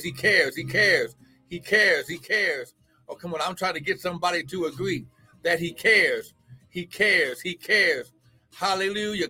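A man's voice: high-pitched, bright, forceful tone. A man preaching and praying on a live stream, fervent, with many exclamations and calls to agree. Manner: fervent, call-and-response exclamations. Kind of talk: live-streamed sermon and prayer.

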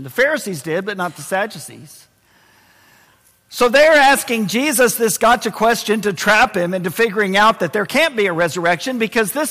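A male pastor preaching a sermon, swinging between loud emphasis and quiet, intense moments. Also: sits high, long reverb tail.

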